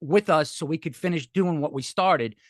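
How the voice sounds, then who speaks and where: A man's voice: fairly high pitch, moderate pace, no echo, studio quality. A man telling a candid, rambling story with frequent swearing and restarts, as a podcast guest. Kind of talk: casual storytelling.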